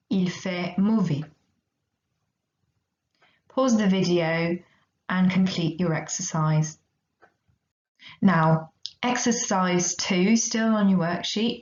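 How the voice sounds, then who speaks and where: A woman teaching a recorded language lesson, speaking slowly and carefully and repeating each phrase for her students. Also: lowish voice, a little mellow. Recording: echoey, slightly dull recording.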